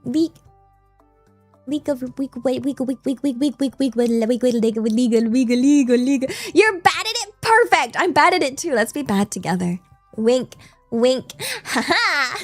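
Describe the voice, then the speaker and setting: Playful British woman streamer, rather high voice. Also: lively intonation, moderate pace, faint music behind. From Britain. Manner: playful, rambling, chatty. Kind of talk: casual live-stream chat.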